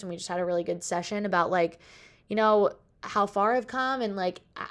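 A young woman in her twenties hosting her podcast, chatting candidly with lots of "like" fillers and casual swearing. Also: on the low side. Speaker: podcast host. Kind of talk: casual chat.

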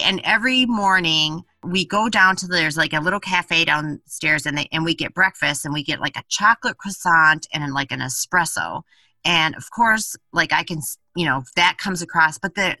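A woman with a bright, forward voice and a fairly low pitch tells a travel story in a loose, chatty way, with plenty of "like" fillers and the odd curse. She sounds a little distant from the mic in a dry room. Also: no room sound. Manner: animated, laughing, swears freely, many "like" fillers. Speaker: podcast host telling a travel story. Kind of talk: casual storytelling chat.

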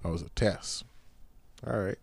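A man's voice: low-pitched, unhurried, vocal fry, slightly rough, dry recording, clean studio sound. A man co-hosting a casual podcast, brash and hyped, swearing freely and egging his partner on. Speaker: podcast co-host. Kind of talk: casual chat.

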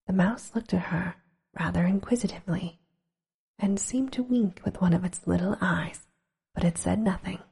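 A woman reading a storybook aloud in a slow, hushed, gentle whisper. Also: on the low side, creaky, husky.

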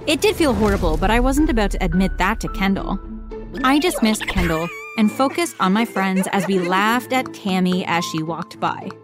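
A woman reading a first-person story aloud as a storyteller, in an expressive, dramatic way. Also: medium pitch, normal speed, over music. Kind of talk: scripted first-person narration.

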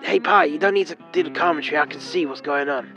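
A man's voice: on the high side, lo-fi sound, music in the background, lightly acted. A man playing a sarcastic, exasperated son. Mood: annoyed. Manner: quick, swearing, sarcastic.

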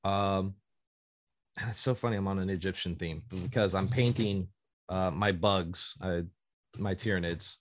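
A man's voice: sits low, fairly even intonation, a little slow. A man hosting a podcast in casual chat, rambling and enthusiastic and prone to tangents. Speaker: podcast host.

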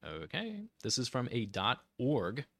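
A man's voice: mid-range voice, wildly swooping pitch, a little slow, gravelly, fairly bright tone, dry recording, clean studio sound. A man co-hosting a casual chat show, reading facts aloud with playful emphasis. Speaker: co-host.

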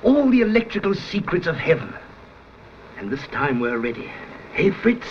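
A feverish obsessed young scientist. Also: male voice, fairly high pitch, normal speed, far from the mic. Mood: exalted. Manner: excited, declamatory. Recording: dull 1930s film soundtrack with faint hiss.

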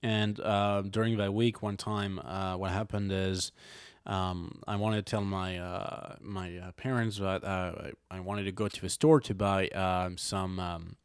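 A man in his twenties with a French accent, a native French speaker chatting casually and pausing often to find his words in English. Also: low-pitched, little pitch movement, clear, resonant tone, dry recording, clean studio sound. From France. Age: 20s. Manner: halting, searching for words in a second language. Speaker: filmmaker. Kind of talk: casual conversation.

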